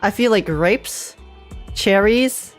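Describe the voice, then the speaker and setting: A woman's voice: mid-range voice, slow, soft background music. A woman hosting a casual live-stream podcast, chatty and scatterbrained, laughing often as she talks. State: tired after oversleeping. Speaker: streamer host.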